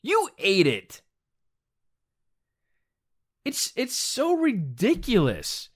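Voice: medium pitch, huge pitch swings, drawn-out words, slightly rough. Blunt, exasperated ranting commentator. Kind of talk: opinion rant monologue.

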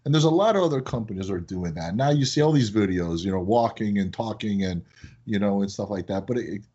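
A man with a husky, slightly breathy voice, chatting in a casual podcast interview about running his business. His pitch swings widely as he tells animated stories and acts out phone calls. The sound is a little dull and muffled. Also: a little fast. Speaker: business owner, guest.

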